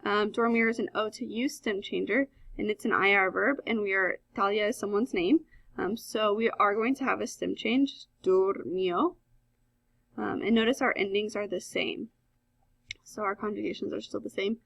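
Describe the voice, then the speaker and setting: A woman teacher walks students through a recorded lesson, explaining patiently and filling pauses with "um". Her voice is bright with a gravelly edge, and the recording is dry and close. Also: medium pitch, steady tone, dry recording. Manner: explanatory, frequent "um" fillers. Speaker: Spanish teacher.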